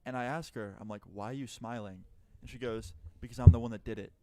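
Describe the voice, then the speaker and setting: This fast talker has a mellow, medium-pitched voice and tells a casual personal story full of profanity. Chatty throughout, he acts out each side of the exchange.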